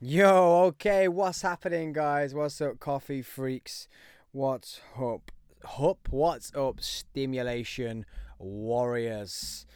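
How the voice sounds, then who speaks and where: Man, Birmingham accent, young adult, podcast host, upbeat and rambling, smooth clear voice. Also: medium pitch, slow pace, a little mellow, no echo, studio quality. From West Midlands, England. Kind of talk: casual podcast monologue.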